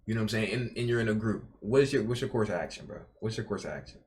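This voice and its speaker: A man's voice: lowish voice, lively intonation, rapid-fire, darkish tone, slight background noise. A young man streaming, reacting casually to a video, rambling and repeating himself while swearing and talking to his chat. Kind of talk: casual live reaction commentary.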